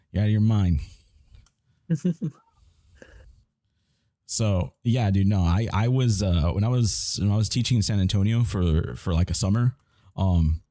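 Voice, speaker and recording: Male streamer, low and mellow, loose profane storytelling, dry close mic. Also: no echo. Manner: rambling, profane storytelling with restarts. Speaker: gamer chatting on stream. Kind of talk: casual chat while gaming.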